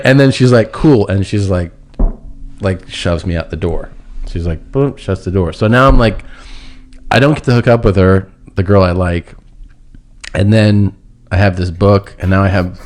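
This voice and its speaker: A man's voice: low-pitched, a little mellow, slight background noise. A man telling a long, rambling personal story in casual podcast chat, laughing now and then. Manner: rambling, laughs through his own story.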